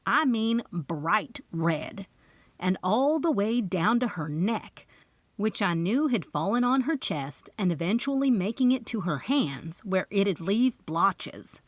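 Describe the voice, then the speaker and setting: A woman narrating a cozy mystery audiobook in first person, expressive and playful. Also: medium pitch, no room sound. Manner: expressive storytelling with character voices.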